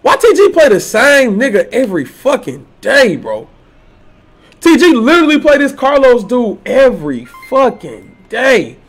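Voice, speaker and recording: A man with a high, lively voice, chatting loosely to his stream audience. He uses heavy slang and jumps from hype to teasing, his pitch swinging up and down. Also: unhurried, faint music behind. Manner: loose slangy trash talk, animated. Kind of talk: casual live-stream chat.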